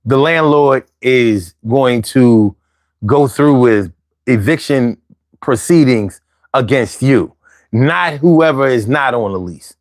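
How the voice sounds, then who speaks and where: A man's voice: medium pitch, slow pace, no room sound, studio quality. Man with a Philly accent giving advice. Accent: Philadelphia. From Philadelphia. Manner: conversational, slangy, with fillers and jokey asides. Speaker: host. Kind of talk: casual advice talk.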